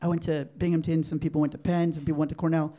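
A man's voice: on the high side, rapid-fire. A man in his forties doing a stand-up comedy set on a club stage, telling stories and acting out the exchanges in them. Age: 40s. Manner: animated storytelling, acting out quoted exchanges. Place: comedy club stage before a live audience.

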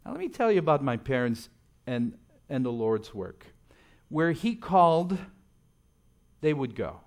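A man's voice: mid-range voice, big pitch swings, normal speed. Middle-aged male preacher, church sermon, storytelling delivery with big swings in volume. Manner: storytelling, swings between loud emphasis and soft asides. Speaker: pastor.

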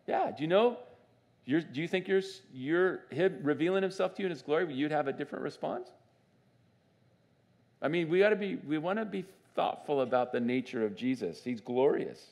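A man preaching a sermon as pastor in a church, conversational and animated, often asking the congregation questions. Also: on the high side. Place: church sanctuary.

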